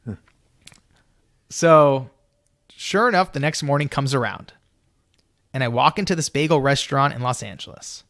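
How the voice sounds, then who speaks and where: A young man telling a personal story in a lively, animated way, acting out his younger self and often saying "you know". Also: vocal fry, no echo, clean studio sound. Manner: lively, acts out his own younger self in a high excited voice; peppers speech with "you know". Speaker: storyteller guest.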